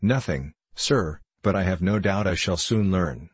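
A man's voice: low-pitched, expressive, unhurried, breathy edge, no room sound, full character voice. A man voicing a polite, earnest young man seeking a whaling berth in an audiobook, answering respectfully.

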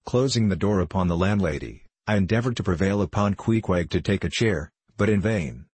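Low husky male audiobook narrator. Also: a little fast, a little mellow, dry recording. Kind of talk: first-person literary narration.

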